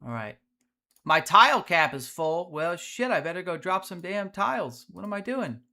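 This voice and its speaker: Bright-voiced male game streamer. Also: sits high, normal speed. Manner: energetic, chatty, talks to viewers. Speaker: streamer, host. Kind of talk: live gameplay commentary.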